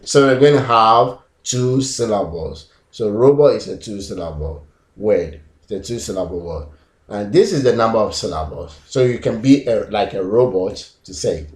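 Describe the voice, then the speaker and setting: A man teaching pronunciation, repeating example words slowly and syllable by syllable. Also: lowish voice, animated. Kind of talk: classroom-style lesson. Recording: echoey room.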